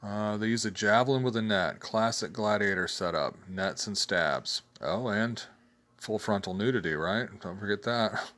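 A man's voice: on the low side, moderate pace, fairly bright tone. A man casually hosting a solo talk show, reading tabletop game tables aloud, chatty and laughing at his own jokes. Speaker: host reviewing tabletop game blogs.

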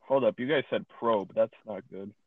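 A man chatting casually on a podcast call, cursing often and quick to get frustrated and rant. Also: on the low side, a little hiss or hum. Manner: cursing, easily frustrated, ranting. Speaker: podcast co-host. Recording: tinny phone-like line.

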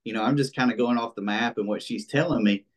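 A man's voice: mid-range voice, fast talker. A man telling a hunting story in a casual interview, rambling with lots of fillers and acting out what people said. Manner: rambling and animated, many fillers, acts out quoted speech. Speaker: interview guest, bow hunter.

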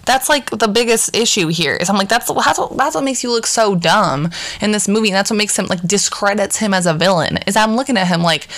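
A young woman with a mid-range, slightly bright voice talks a little fast as she hosts a podcast by herself. She's listed as a co-host, and her casual solo chat rambles, with swearing, plenty of fillers, and frequent restarts.

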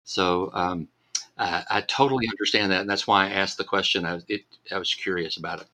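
Low-voiced, hesitant male interviewer. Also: steady tone, fairly quick. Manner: gentle and hesitant, with stammered restarts. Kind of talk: conversational interview.

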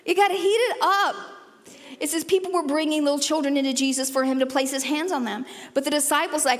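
A woman pastor giving a sermon, animated, playful and emphatic, with sudden jumps in pitch and loudness. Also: brisk, big-room sound. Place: church auditorium.

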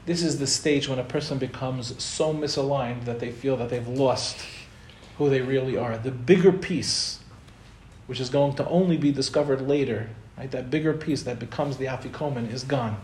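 A man's voice: medium pitch, darkish tone, slight background noise. A man giving a spiritual talk to an audience, conversational and storytelling, acting out the people he quotes. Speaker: Torah teacher. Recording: roomy echo, faint ambience.

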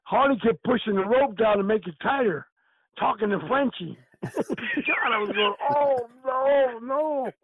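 High-voiced older man telling wrestling stories. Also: normal speed, slightly rough, phone-quality sound. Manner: animated, laughing often, acts out quoted lines. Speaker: retired pro wrestler, guest. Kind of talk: casual storytelling.

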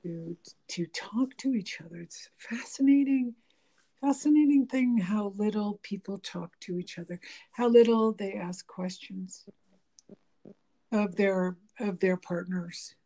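A woman's voice: medium pitch, a little slow. A woman talking casually about relationships, rambling with many fillers and restarts, laughing and acting out bits of dialogue. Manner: animated, laughing, mimics dialogue.

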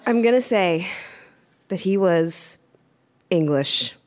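Slow, hesitant woman contestant. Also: lowish voice, animated, a little mellow.

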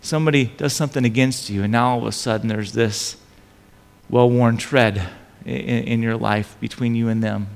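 Middle-aged male pastor, gravelly voice, animated sermon storytelling, reverberant hall. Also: medium pitch, normal speed. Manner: animated storytelling with frequent restarts.

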